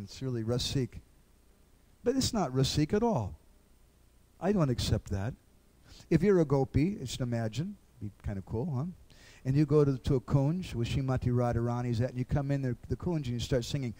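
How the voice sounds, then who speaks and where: A man's voice: medium pitch, lively intonation, fairly quick, mellow. A man giving an earnest devotional lecture, acting out little dialogues.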